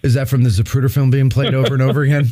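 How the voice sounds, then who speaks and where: A man's voice: medium pitch, flat delivery, racing, dark tone. A man hosting a talk show with callers, casual and teasing, laughing often. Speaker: host.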